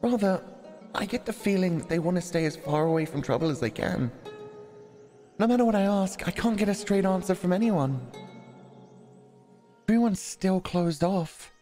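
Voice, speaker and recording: A man's voice: high voice, expressive, normal speed, long pauses, mellow, in a large hall, faint music behind, pitched above the performer's own voice. A man voicing a determined young woman who searches for her lost lover, reading a visual novel aloud. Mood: resolute.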